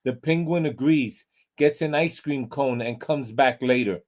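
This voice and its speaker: A man hosting a pet show in an upbeat, loud way and reading animal jokes. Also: mid-range voice, a little slow. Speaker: show host.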